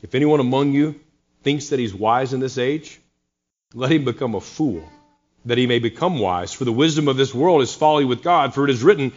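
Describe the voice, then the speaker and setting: A man's voice: medium pitch, highs cut off. A man preaching a sermon, earnest, with wry sarcastic asides to his congregation. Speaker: pastor.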